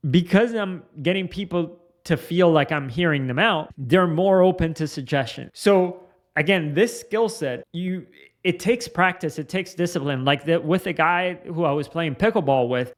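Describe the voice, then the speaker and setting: A man with a slightly higher voice explains a communication skill in a relaxed, unscripted way. He restarts sentences often and leans on "like" as he talks through examples. It sounds like an informal coaching talk. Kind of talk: casual instructional talk to camera.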